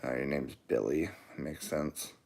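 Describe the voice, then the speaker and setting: A man's voice: extremely low pitch, steady tone, a little slow, creaky, darkish tone. A man hosting a livestream of his knife-making shop, chatting easygoing and joking with viewers as he answers their comments. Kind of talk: casual live chat answering viewer comments.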